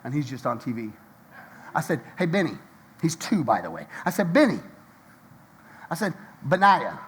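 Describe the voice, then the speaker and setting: A man's voice: fairly high pitch, normal speed, husky. A man, a pastor delivering a sermon, telling stories with lots of energy, acting out the voices in them and laughing often. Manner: lively storytelling, acts out quotes, laughs often.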